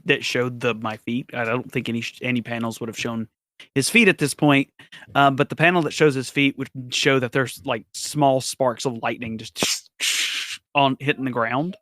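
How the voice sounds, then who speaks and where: A man's voice: mid-range voice, fairly even intonation, normal speed, fairly bright tone, no echo, studio quality. A man casually describing his character's actions as a player in a tabletop game.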